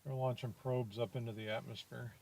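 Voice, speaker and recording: A man's voice: medium pitch, steady tone, fairly quick, vocal fry, background noise. A man chasing storms, chatting casually from inside a car, rambling and joking as he plays with place names. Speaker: storm chaser. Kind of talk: casual chat while driving.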